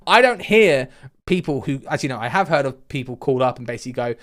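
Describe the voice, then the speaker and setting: A man's voice: medium pitch, fast talker. A young man telling comic stories about his customer service job in an exasperated, ranting way. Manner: exasperated ranting, mock deadpan. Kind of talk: comedic storytime vlog.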